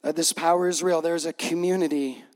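High-voiced male pastor preaching emphatically. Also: fairly even intonation, a little fast, a little mellow. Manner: emphatic, conversational preaching with repeated punch lines; gets choked up, laughing through emotion. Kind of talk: sermon.

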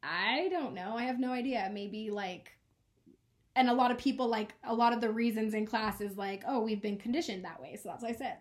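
A young woman in her twenties, a podcast co-host, telling a personal story in an earnest, emotional way. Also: on the high side. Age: 20s. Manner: earnest, emotional, quick laughs. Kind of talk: casual chat, personal story.

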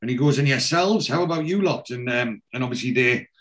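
A podcast host chats casually while recapping a TV episode, retelling scenes and reading characters' lines in a plain voice with plenty of ums and other fillers. His medium-pitched voice is animated, a little fast and a bit bright.

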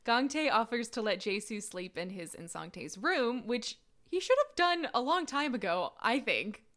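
A woman with a fairly high voice co-hosts a casual podcast. She recaps drama episodes in a lively narrating way and laughs often between points. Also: normal speed.

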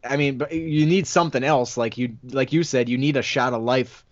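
A man's voice: medium pitch, steady tone, a little fast, no echo, highs cut off. A man co-hosting a film podcast, blunt and joking, with lots of exaggeration in his opinions. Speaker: podcast co-host. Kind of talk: casual film discussion.

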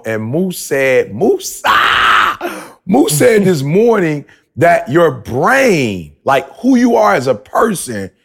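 A laid-back man co-hosting a podcast, with a gravelly, fry-heavy voice at a middle pitch. He talks in a loose, preachy way and laughs often. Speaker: podcast co-host. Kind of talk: casual chat.

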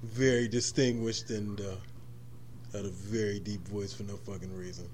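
A man's voice: on the low side, steady tone, moderate pace, a little mellow, slight background noise. A man co-hosting a podcast, laid-back and profane, often laughing. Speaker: podcast co-host. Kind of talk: casual chat.

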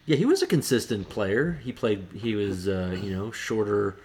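A man with a fairly low voice on a relaxed sports podcast, often stalling and restarting as he tries to recall names. His talk is loose and easygoing, full of half-finished thoughts. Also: normal speed, a little hiss or hum. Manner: hesitant, searches for names, trails off. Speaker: podcast co-host. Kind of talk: casual sports chat.

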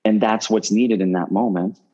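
A man, a guest medium, talks casually in an interview, rambling, often restarting his phrases and getting animated when he tells stories. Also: fairly low pitch, moderate pace, dull audio.

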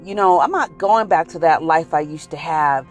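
A streetwise tomcat who brags in a loose, slangy drawl and breaks into high meows, as a woman puts him on. His talk stays easygoing and full of swagger. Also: normal speed, soft background music, close to an everyday voice. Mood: boastful. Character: laid-back male tomcat, boastful and streetwise.

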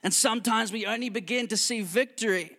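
In a big church hall whose long reverb trails his words, a pastor delivers a sermon in a high, bright voice at a fairly quick pace. His preaching is loose and conversational, full of funny asides and laughter aimed at the congregation.

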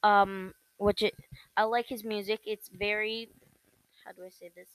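A young woman hosting her own podcast, chatting casually about videos she likes, rambling and halting with many fillers and restarts. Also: medium pitch, flat delivery, no echo, low-quality recording. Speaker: podcast host. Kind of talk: casual solo podcast chat.

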